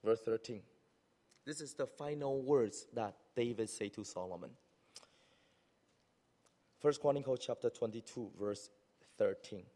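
Animated male preacher in a reverberant church. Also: unhurried, pauses often. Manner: animated, acts out hypothetical speakers with rising pitch. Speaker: pastor. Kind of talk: sermon. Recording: long hall reverb.

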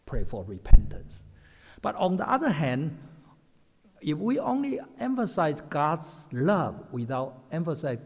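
Halting preacher in an echoey hall. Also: male voice, medium pitch, darkish tone. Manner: halting, many fillers, repeats points, rhetorical questions. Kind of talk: sermon. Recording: echoey hall with long reverb.

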